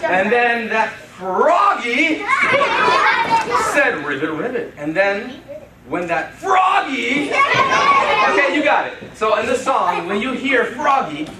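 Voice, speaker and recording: An animated adult leads a crowd of children through action songs, coaxing them and calling out with a lively, swooping voice. The voice is unhurried and picked up from across an echoey room. Loud children and steady noise fill the background. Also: medium pitch. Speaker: children's reading and song leader. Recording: roomy distant recording with loud crowd and noise.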